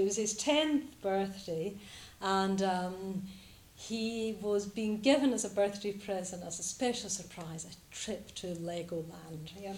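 A woman's voice: mid-range voice, darkish tone, roomy sound, slight background noise. A woman from Scotland giving a reflective Buddhist talk to a group, hesitant and full of fillers.

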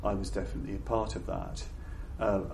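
An older man giving a reflective Buddhist dharma talk to an audience. He speaks in a halting, thoughtful way and often repeats words while he searches for the phrasing. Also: lowish voice, flat delivery, a little mellow. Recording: roomy echo with faint background noise.

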